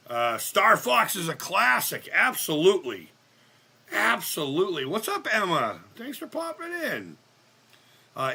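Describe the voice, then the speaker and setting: A man hosting a live gaming stream. He is sick, and his voice sounds higher than usual. He chats casually, cracks jokes, swears a lot, and shouts at the game. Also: gravelly. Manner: profane, joking, loud outbursts at the game. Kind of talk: casual live-stream chat while playing.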